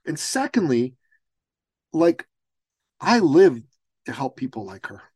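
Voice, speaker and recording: A man's voice: a little high, slow pace, breathy edge, no echo. A man, a business coach, telling a story in an interview and acting out the voices of the people in it. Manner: animated storyteller, acts out quotes.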